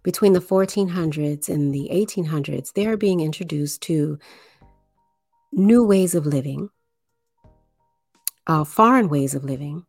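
A woman from the New Orleans area giving a slow explanatory monologue, with deliberate, drawn-out phrasing and pauses. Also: low voice, darkish tone, husky, no room sound, clean studio sound, faint music behind.

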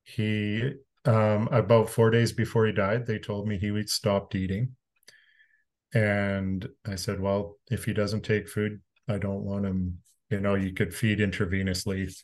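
Interview guest: low-voiced Canadian man, frank storyteller, casual swearing, calm to emphatic. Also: a little slow. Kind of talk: candid conversational storytelling.

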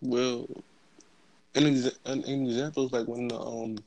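A man's voice: medium pitch, little pitch movement, moderate pace, darkish tone, dry recording, rough recording. A man in a casual group chat, talking loosely with slang and many fillers. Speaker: podcast participant.

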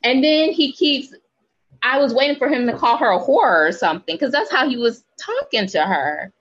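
A woman's voice: sits high, very animated, moderate pace, fairly bright tone, slightly rough, highs cut off. A woman co-hosting a casual podcast, ranting emphatically and swearing freely. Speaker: podcast co-host.

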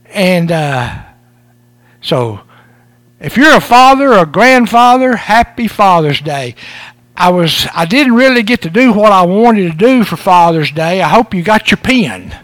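Folksy pastor, lively high voice. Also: male voice, measured pace, no echo. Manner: folksy, chuckling, conversational. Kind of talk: sermon with folksy jokes. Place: church service.

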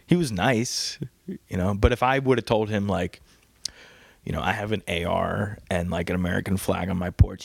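A man with a low, gravelly voice hosts a casual solo podcast, rambling and crude, often laughing at his own jokes. His voice is recorded close and dry, with no room sound around it. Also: normal speed, no echo. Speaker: podcast host. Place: home, on a couch.

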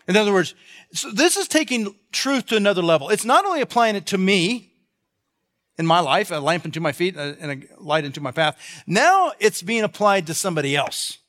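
A man preaches a sermon in a high voice that swings widely in pitch. He reads scripture, then unpacks it in plain, chatty talk, often restarting his sentences. Now and then he acts out the people in the story. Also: moderate pace. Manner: animated, acts out the quoted people in the stories; conversational, with repeated restarts. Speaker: pastor.

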